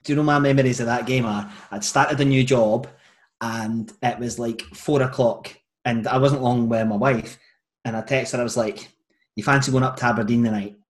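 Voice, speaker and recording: A Scottish podcast host asks questions and shares memories in a relaxed, chatty manner. His voice is mid-range and his speed is normal.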